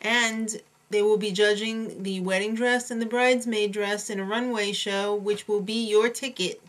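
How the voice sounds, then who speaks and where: A woman's voice: mid-range voice, fairly even intonation, moderate pace. A woman with a New York accent, co-hosting a casual, opinionated chat about a reality show. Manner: chatty, opinionated, joking. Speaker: recap show co-host.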